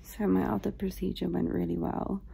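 A young British woman with a hoarse, sore throat, speaking softly and half-whispering in a casual video diary. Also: on the low side, level tone, normal speed. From Britain.

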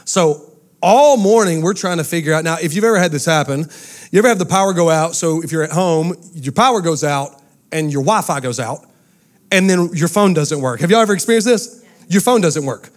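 A man, preaching a sermon to a church crowd with lively storytelling and call-outs to the congregation. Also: a little high, fairly quick. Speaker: pastor. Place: church sanctuary with a live audience.

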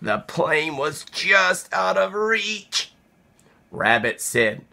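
Bright gravelly man reading a picture book. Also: a little high, big pitch swings, extremely slow. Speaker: storybook reader. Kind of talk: children's picture book read-aloud.

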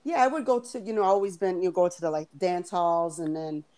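A woman co-hosting a podcast in casual chat, relaxed and hesitant, with many fillers. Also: on the low side, brisk. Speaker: podcast co-host.

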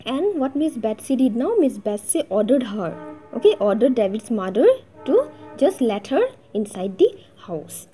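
Teacher, lively questioning voice. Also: female voice, on the high side, moderate pace, faint music behind, low-quality recording. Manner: asks the class rhetorical questions like "yes or no?". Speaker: English teacher. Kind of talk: story lesson explaining a text.

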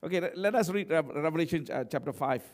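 A man's voice: on the high side, lively intonation, quick pace. A man preaching as pastor, emphatic, often asking the congregation questions. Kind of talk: sermon.

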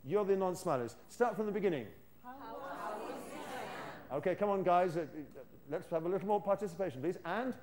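A British teacher trainer, running a live workshop before an audience in a lecture hall, playfully prompts people to repeat lines after him as a classroom demo. His voice is high and fairly quick, with long pauses, and a crowd can be heard in the background.

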